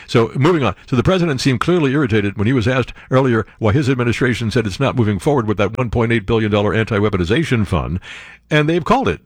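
A man reading news items and cutting in with sarcastic remarks, his voice swinging widely and jumping up high when he exclaims. The sound is dry and close, with little room around it. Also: dry recording. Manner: animated, sarcastic asides, jumps to high exclamations. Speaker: show host reading and commenting on news. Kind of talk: casual political commentary.

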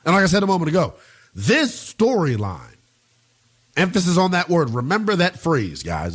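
A man's voice: fairly high pitch, husky. A middle-aged man hosting sports talk radio, opinionated, emphatic and blunt, with slangy asides.

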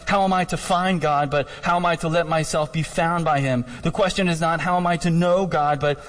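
Male pastor, chatty animated preaching, slightly high voice, church-hall echo. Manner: conversational, animated, jokey asides. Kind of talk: sermon. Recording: long hall reverb.

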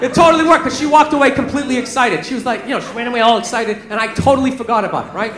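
A man, from the American South, doing animated stand-up comedy with shouted punchlines on a club stage. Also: very high-pitched, rapid-fire. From Southern United States. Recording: echoey room, crowd laughter, noise. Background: audience laughter.

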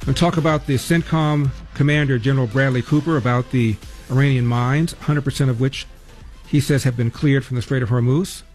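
A man's voice: mid-range voice, steady tone, brisk, darkish tone, faint music behind. An older man hosting a talk radio show, delivering a sarcastic monologue full of rhetorical questions.

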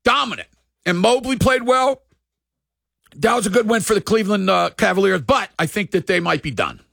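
A middle-aged man hosting casual sports talk, excitable, shouting and drawling words for emphasis. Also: high-pitched, moderate pace, gravelly, no echo.

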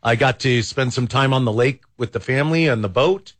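A man's voice: medium pitch, fairly quick, fairly bright tone. A man hosting a talk radio show, rambling and exasperated, with many false starts. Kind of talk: casual talk radio commentary.

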